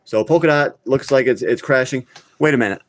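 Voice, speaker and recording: Blunt excitable man, dry close sound. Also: medium pitch, brisk, dry recording. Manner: blunt, excitable, scolds viewers as noobs. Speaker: crypto channel host. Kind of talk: live casual market talk.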